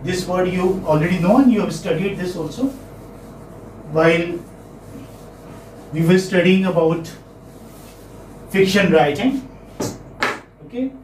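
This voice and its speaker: High-voiced lecturer in an echoey room. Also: male voice, measured pace, long pauses, a little mellow, a little hiss or hum. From India. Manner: repeats key phrases, checks in with "okay?". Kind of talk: classroom lecture. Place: classroom. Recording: echoey classroom from far off.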